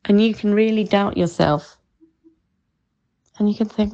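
A woman's voice: mid-range voice, steady tone, unhurried, long pauses, mellow, lo-fi sound. A middle-aged woman giving an informal, chatty home sermon in an earnest tone, often calling things amazing. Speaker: preacher.

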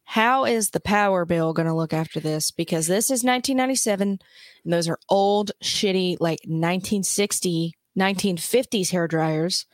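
A woman's voice: on the low side, normal speed, no room sound. Female podcast cohost, profane ranter, dry close mic. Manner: ranting, profane, animated impressions. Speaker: podcast co-host. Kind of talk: casual movie talk.

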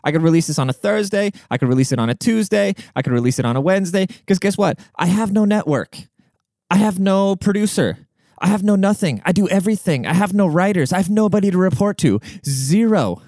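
A man's voice: high-pitched, animated, brisk, a little mellow, no room sound, studio quality. A young man hosting a solo podcast, ranting in a brash, profane, swaggering way. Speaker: podcast host.

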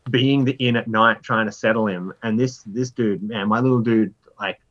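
A man in his thirties, a writer being interviewed, talking in a rambling, animated way full of fillers. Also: normal speed, dull audio. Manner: animated storyteller, jumps pitch for inner voices. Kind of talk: casual conversational interview.

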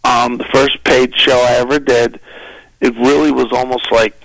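A man, a comedian and actor, telling crude, animated stories as a guest on a casual podcast interview. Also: medium pitch, moderate pace, no room sound, rough recording. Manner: profane, animated storyteller.

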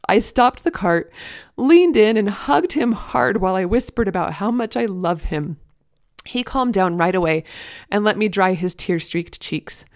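A woman in her thirties talks earnestly on her parenting podcast and laughs softly as she reads from her blog. Her voice sits in a middle range and is smooth and resonant. The recording is dry and close. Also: medium pitch, animated, measured pace, dry recording. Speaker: podcast host.

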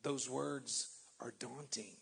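Slow, gravelly-voiced male preacher. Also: mid-range voice. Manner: dramatic pauses, swells loud then drops to a hush. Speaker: pastor. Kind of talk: sermon with scripture reading.

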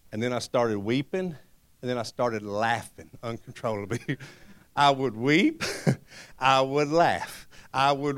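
A middle-aged man with a drawl preaches from the pulpit, weaving a personal testimony into his sermon. He tells it in an animated, storytelling way and breaks into laughter again and again. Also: mid-range voice, smooth.

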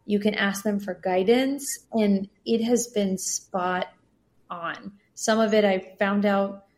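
A woman guest on a podcast, telling personal stories in an earnest, sometimes animated way. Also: mid-range voice, takes it slowly. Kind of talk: casual podcast conversation.

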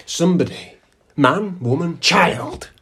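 A man's voice: a little high, lively intonation, takes it slowly, a bit bright, husky. A man co-hosting a podcast in casual chat, playful and teasing, spinning absurd tall tales. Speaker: podcast co-host.

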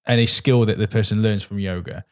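A man's voice: fairly low pitch, fairly even intonation, a little fast. A man co-hosting a casual film review chat, rambling with frequent restarts and hesitations. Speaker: podcast co-host.

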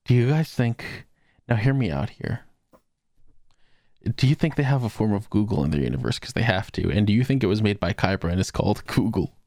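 A man's voice: on the low side, animated, brisk, darkish tone, dry recording, studio quality. A young man co-hosting a podcast in casual chat, ranting and exasperated, swearing often. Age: young adult. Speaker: podcast co-host.

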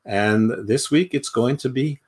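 Teasing podcast co-host man. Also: mid-range voice. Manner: quick teasing banter, goofy put-on voices. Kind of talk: casual chat.

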